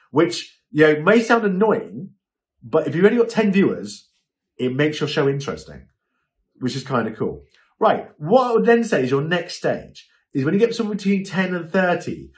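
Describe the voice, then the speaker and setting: A man talks through a lesson in a loose, conversational way, his voice swinging up and down with lots of life. He sits a little higher than most men and keeps checking in with his listeners. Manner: chatty, animated, checks in with "okay?". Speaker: livestream selling trainer. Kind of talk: informal instructional talk.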